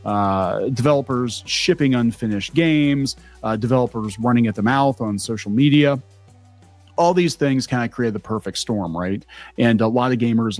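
Man, 40s, video commentary host: cartoonish timbre, mid-pitched, rambling and chatty, faint music underneath. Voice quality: cartoonish-sounding voice. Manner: rambling, chatty, many fillers and restarts. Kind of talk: casual opinion commentary.

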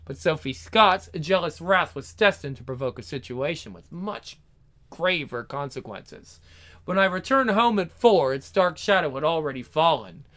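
A woman's voice: deep voice, animated, moderate pace, fairly bright tone. An actress playing a devoted young wife who narrates her story in earnest, emotional 1940s radio acting. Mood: somber.

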